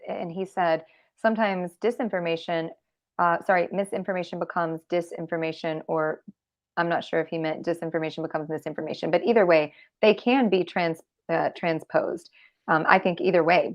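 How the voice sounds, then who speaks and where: A woman hosts an online talk show and works through a numbered list of points. She trips over a word now and then and starts it again. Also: on the low side. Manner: reads points in a list, with restarts. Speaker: host.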